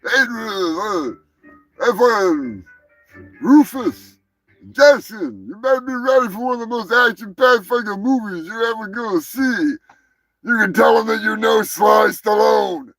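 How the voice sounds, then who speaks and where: A man doing a loud, hyped impression of an action-movie star. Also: sits high, expressive, a little slow, vocal fry, no room sound, far from the mic, soft background music, voice pushed up, full character voice, rough recording. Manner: hyped, shouty.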